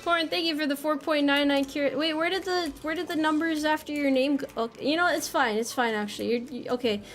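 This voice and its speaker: A young woman with a bright, high voice chats loosely as she plays a game on stream, teasing herself and answering chat. Her American speech is quick to joke, and faint music runs behind her. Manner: playful, self-mocking, reads chat messages aloud. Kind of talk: casual live-stream chat while gaming.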